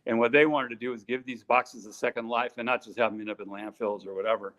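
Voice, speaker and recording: A man's voice: medium pitch, fairly even intonation, quick pace, a bit bright. A middle-aged man co-hosting a live stream, reading out names in a casual, joking way with lots of fillers. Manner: chatty, joking, many fillers. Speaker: co-host reading out purse makers' names.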